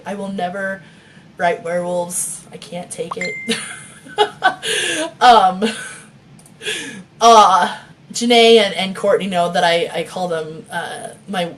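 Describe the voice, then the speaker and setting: A woman's voice: medium pitch, a little hiss or hum. A woman author reading her novel aloud and chatting with viewers, laughing often and swearing freely, on a phone mic.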